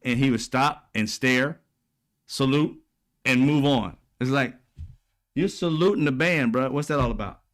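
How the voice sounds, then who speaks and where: A man's voice: medium pitch, unhurried, a bit bright. A man hosting casual political commentary, talking bluntly with profane slang and a mocking, sarcastic edge. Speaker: commentary channel host.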